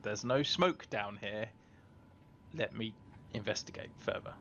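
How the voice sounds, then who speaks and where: A man voicing an earnest male adventurer, one of a pair of twins, in a tabletop role-play, speaking slowly and deliberately in character. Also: on the low side, a bit bright, lo-fi sound, a little hiss or hum. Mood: calm.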